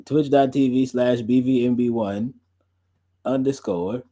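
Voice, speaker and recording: A man's voice: medium pitch, steady tone, measured pace, warm tone. A young man hosting a podcast and stream, chatting loosely with lots of fillers and laughs. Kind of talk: casual rambling chat.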